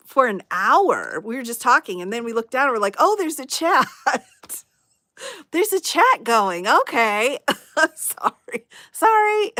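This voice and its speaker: A woman's voice: mid-range voice, no echo, studio quality. A woman hosting a casual livestream, laughing often and reacting to viewers' comments. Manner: giggly and animated, laughs often, reacts to chat. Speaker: livestream host.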